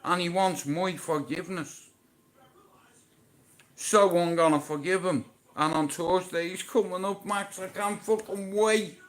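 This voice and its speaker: A man hosts a casual livestream, telling a story in a fairly high voice. He is emotional and swears freely. His delivery swings between low murmurs and loud outbursts. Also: fairly even intonation, a little slow. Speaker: livestream host.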